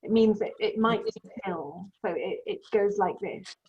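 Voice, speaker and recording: Woman, English teacher, slow careful delivery, patient explanations, dull lo-fi sound. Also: mid-range voice, darkish tone, a little hiss or hum. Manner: patient, explains words slowly with examples. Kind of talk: online English lesson.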